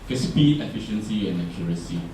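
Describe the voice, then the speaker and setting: A man's voice: lowish voice, lively intonation, fast talker, dark tone, a little hiss or hum. A man with a Singaporean English accent gives a chatty workshop talk and keeps asking the audience questions. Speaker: workshop speaker. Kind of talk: workshop presentation. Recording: roomy echo, distant mic.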